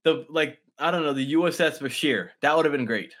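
A man's voice: on the high side, fairly quick, a bit bright. A man who is a guest on a podcast, chatting casually, earnest and enthusiastic, often agreeing. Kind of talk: casual review chat.

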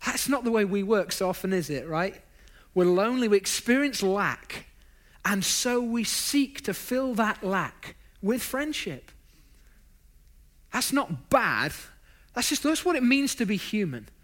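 A man's voice: high-pitched, lively intonation, measured pace, a bit bright. A man preaching a sermon, stacking up emphatic lists of phrases and dropping in self-deprecating asides.

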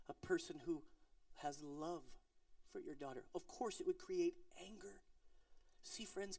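A middle-aged male pastor giving a sermon in a casual, storytelling way, with playful asides and moments of quiet intensity. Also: a little high. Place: church service in an office building.

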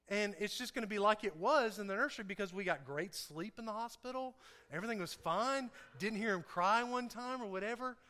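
A man's voice: high voice, bright, forceful tone. A man preaching a sermon, playful and chatty with his congregation, laughing often. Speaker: pastor. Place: church sanctuary. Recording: echoey hall.

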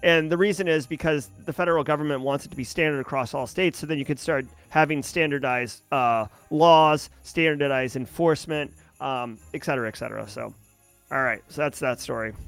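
A man's voice: a little high, moderate pace, a bit bright, smooth, dry recording, faint music behind. A man hosting a livestream, reading news headlines and riffing on them in casual commentary, answering chat as he goes. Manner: chatty, reads headlines then riffs and answers chat. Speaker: livestream host.

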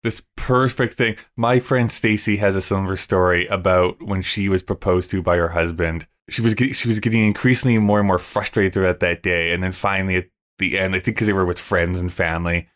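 Guy cohost, lower voice, easygoing, thinks out loud. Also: fairly even intonation, brisk. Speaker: podcast co-host. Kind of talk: casual podcast chat.

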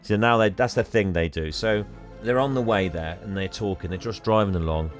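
An English man co-hosting a casual podcast, retelling a story and putting on quick voices for the characters' lines. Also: on the low side, soft background music. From England. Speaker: podcast co-host. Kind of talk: casual chat retelling a film plot.

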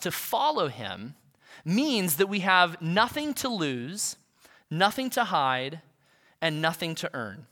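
A man's voice: high-pitched, sharp tone. A young adult male pastor giving a sermon in a conversational, self-deprecating storytelling manner.

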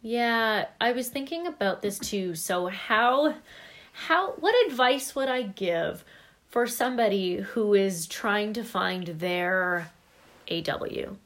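A woman co-hosts a podcast, speaking candidly and emphatically in relaxed chat with occasional casual swearing. Her voice is mid-range and her pace slow.

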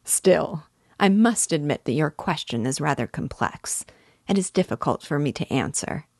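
Voicing a storybook character, a woman plays a suave, sly middle-aged schemer, teasing and unhurried yet animated in delivery. The low, close voice sounds dry and plain, with no room sound.

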